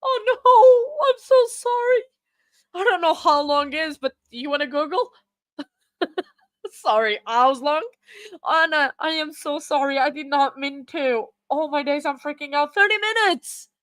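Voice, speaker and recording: Her voice is high and fairly bright, at a normal speed, and the recording is dry. Hosting a casual live stream, she reads viewer chat and answers it in a flustered, apologetic way, full of fillers.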